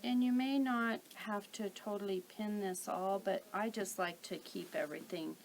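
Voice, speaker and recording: A woman calmly talking through a sewing tutorial step by step while she works. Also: mid-range voice, normal speed, creaky, low-quality recording. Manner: calm, methodical, talks while working. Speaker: quilting instructor.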